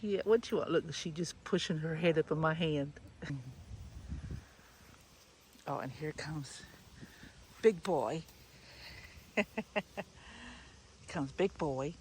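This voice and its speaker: A woman's voice: deep voice, slow pace, long pauses, darkish tone, a little hiss or hum. A woman vlogging her farm chores outdoors, chatting casually and cooing to the animals as she goes. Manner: chatty, coos and talks to the animals. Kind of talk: casual vlog chat while doing farm chores. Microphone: camera set down nearby.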